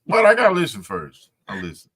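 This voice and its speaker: A man's voice: a little high, wildly swooping pitch, brisk, crowd noise. A man co-hosting a podcast, chatting casually and profanely, retelling stories with quoted reactions. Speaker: podcast co-host. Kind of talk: casual late-night chat.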